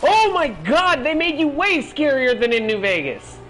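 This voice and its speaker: A man's voice: very high-pitched, sing-song, moderate pace, bright, forceful tone, faint music behind. A young man giving casual gameplay commentary as he plays, swearing a lot and shrieking when he is startled. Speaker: gaming video host.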